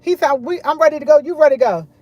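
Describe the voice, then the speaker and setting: A middle-aged woman chatting casually to camera, full of animated retellings of what others said. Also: high voice, very fast, dull audio. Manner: animated, quotes others a lot. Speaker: vlogger.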